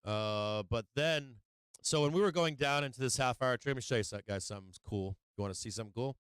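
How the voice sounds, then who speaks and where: A man's voice: mid-range voice, fast talker, clear, resonant tone, no echo. Brash, profane man calling live trades. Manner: profane, brash, excitable trash talk. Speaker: livestream trading host. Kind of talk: live market commentary.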